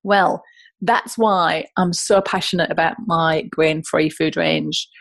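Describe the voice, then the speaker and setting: A woman with a northern English accent hosting a podcast, talking in a chatty, animated way and correcting herself as she goes. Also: sits low, takes it slowly, creaky, no room sound. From north of England. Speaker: podcast host. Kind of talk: casual podcast monologue.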